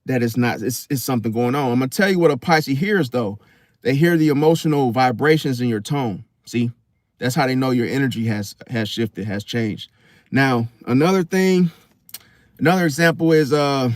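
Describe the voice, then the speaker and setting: A man's voice: medium pitch, no room sound, studio quality. A man hosting an astrology talk, speaking casually and conversationally, often checking in with "see?" and acting out little quoted exchanges. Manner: conversational, repeats "see?", acts out quoted voices. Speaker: astrology video host. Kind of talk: casual monologue to camera.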